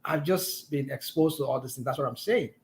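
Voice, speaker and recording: A man with a Nigerian accent in a casual group chat, talking in quick, animated bursts and defending himself. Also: mid-range voice, husky. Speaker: chat participant.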